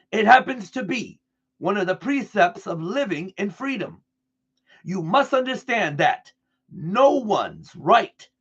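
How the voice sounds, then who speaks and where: A man reading a broadcast transcript aloud in an earnest, deliberate way, restarting now and then over a word. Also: high voice, a bit bright, slightly rough, lo-fi sound. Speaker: reader.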